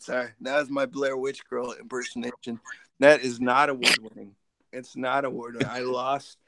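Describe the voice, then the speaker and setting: A man with a gravelly edge to his voice chats over a video call, joking and rambling. He mutters asides to himself as he talks, and his pitch sits in a typical middle range. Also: level tone, fairly quick, a bit bright. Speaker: guest artist. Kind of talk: casual chat during a video call.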